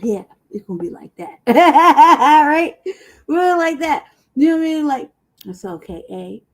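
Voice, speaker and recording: A woman's voice: high-pitched, sing-song, unhurried. Woman from the South, laughing, profane. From American South. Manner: profane, laughs often, storytelling. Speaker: podcast co-host. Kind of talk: casual chat.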